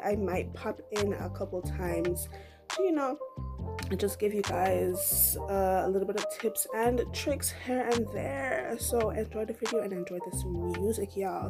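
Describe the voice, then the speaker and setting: A woman's voice: medium pitch, measured pace, over loud music. A woman doing a casual, chatty voiceover for a beauty vlog in her groggy morning voice, full of playful slang. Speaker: beauty vlogger.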